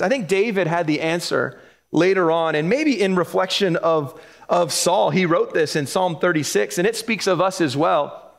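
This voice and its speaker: A man preaching a sermon in church, lively and animated, acting out the people in the Bible stories. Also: sits high, fairly quick, creaky. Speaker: pastor.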